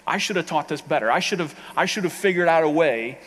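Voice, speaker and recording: A middle-aged pastor preaches a sermon in a loose, conversational way, candid and self-deprecating, in a large rented hall with long reverb. He's a fast talker with a slightly high, bit bright, slightly rough voice and lively intonation.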